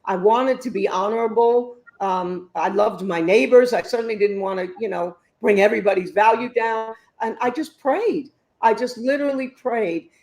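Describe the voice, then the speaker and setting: Expressive woman author in her fifties. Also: fairly high pitch, moderate pace. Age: 50s. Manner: expressive, emphatic storyteller. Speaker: author and guest. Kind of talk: interview answers.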